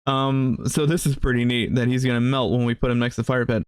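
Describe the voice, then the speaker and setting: A man's voice: medium pitch, little pitch movement, quick pace, clear, resonant tone, dry recording, studio quality. A man hosting a gaming channel, giving casual, chatty let's-play commentary and laughing often.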